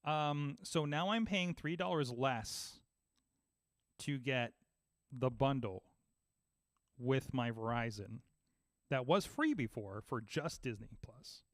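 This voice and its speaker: A man in casual podcast chat, telling an animated story and acting out both sides of phone calls. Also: mid-range voice, takes it slowly, pauses often, no echo. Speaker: podcast host.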